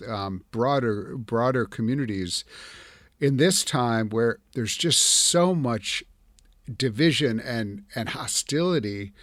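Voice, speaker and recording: A man's voice: mid-range voice, no room sound, clean studio sound. A man hosting a radio interview, asking long, searching questions that he restarts as he goes. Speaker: radio show host.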